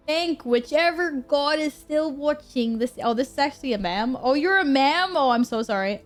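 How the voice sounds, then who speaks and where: A young woman chatting casually on a game stream, joking and rambling with quick self-corrections. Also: high-pitched, lively intonation, faint music behind. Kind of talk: casual live-stream chat while gaming.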